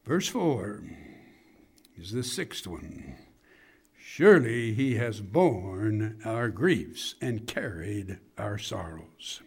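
A man preaching a sermon, walking through numbered points with deliberate emphasis and emphatic rises. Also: fairly low pitch, very animated, husky.

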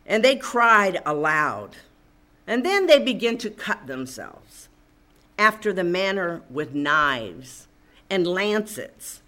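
A woman's voice: on the low side, pushed and bright. A woman preaching a sermon, reading scripture aloud and commenting with rising emphasis.

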